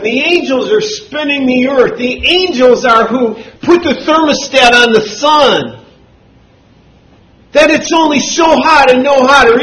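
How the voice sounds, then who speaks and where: A man preaching a sermon, swinging from booming shouts to low murmurs. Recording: roomy, dull hall recording.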